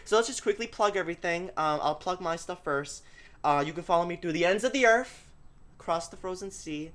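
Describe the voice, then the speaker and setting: Podcast host, man, lively delivery with bright tone, laughs a lot. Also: high-pitched, fairly quick. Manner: animated, laughs often. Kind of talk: casual podcast chat.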